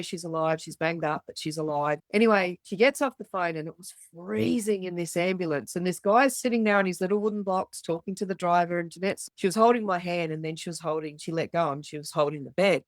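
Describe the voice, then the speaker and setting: A woman's voice: on the low side, a little fast, few pauses, dry recording. A middle-aged woman with an Australian accent, a podcast guest telling her story candidly and bluntly, swearing freely and acting out the voices of others.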